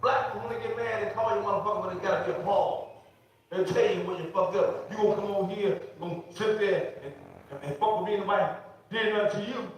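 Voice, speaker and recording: A man's voice: high voice, fast talker. A man doing a stand-up comedy routine, ranting in a profane, punchy rhythm and hammering the same words over and over. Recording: distant echoey playback with heavy noise.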